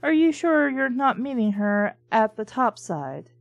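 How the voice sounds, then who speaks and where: A woman's voice: a little high, very animated, unhurried, vocal fry, no room sound, muffled recording, full character voice. A haughty restaurant host with a phony French accent looks down his nose at a guest, as a woman reading aloud puts him on. His manner is condescending and a little too formal. The recording is dry and close. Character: snooty male maître d' faking a French accent.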